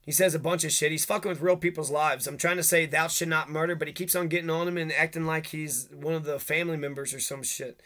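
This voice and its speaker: This vlogger talks fast with few pauses, his fairly high voice steady yet sharp. He rants angrily to camera, profane and agitated, accusing one person after another.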